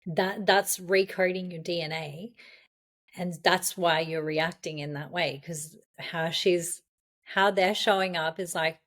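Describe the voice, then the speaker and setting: Low-voiced, affirming woman guest. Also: fairly even intonation, a little slow, fairly bright tone. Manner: encouraging, affirming, laughs often. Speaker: podcast guest, fertility coach. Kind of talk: casual conversation.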